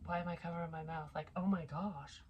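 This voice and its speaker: A woman's voice: fairly low pitch, fairly even intonation, a little fast, darkish tone, a little hiss or hum, low-quality recording. A woman giving a casual psychic tarot reading, chatty and thinking aloud, with frequent swearing.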